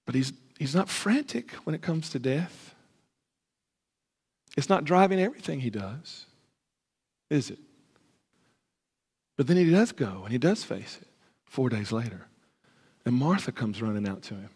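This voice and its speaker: A man preaching a sermon as pastor, animated, acting out the voices of the story and stumbling over his words when he gets excited. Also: medium pitch, a little slow, pauses often. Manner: animated, acts out dialogue, stammers when excited. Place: church sanctuary. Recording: husky voice in a reverberant hall.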